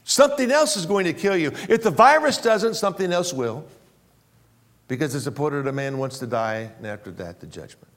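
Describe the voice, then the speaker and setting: Man preaching with dramatic swings. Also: lively intonation. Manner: preaching with dramatic swings between loud emphasis and low, slow drops; repeats key phrases for emphasis. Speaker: pastor. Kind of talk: sermon.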